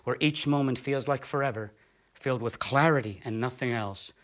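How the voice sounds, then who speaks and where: A man's voice: medium pitch, normal speed, a bit bright. A man from Canada delivering a performed spoken essay as a theatre artist, sardonic, blunt and profane.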